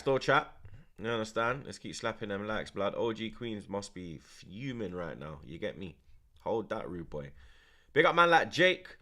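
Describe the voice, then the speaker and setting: A man's voice: deep voice, a bit bright. A young man giving live watchalong commentary and reading out chat, in laid-back street slang that repeats each phrase. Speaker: streamer hosting a watchalong.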